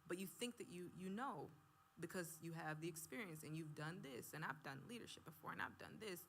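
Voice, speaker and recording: A woman guest chats casually and tells her story with plenty of "like". Her voice sits slightly low but has a bright, forceful edge, and she sounds relaxed and conversational. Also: fairly quick, creaky, a little hiss or hum. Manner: chatty, tells stories with lots of "like".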